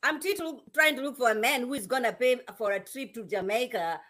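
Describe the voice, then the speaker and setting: A woman's voice: a little high, brisk, crowd noise. A woman on a review panel recapping a dating show in casual chat, emphatic and repeating herself as she gets worked up.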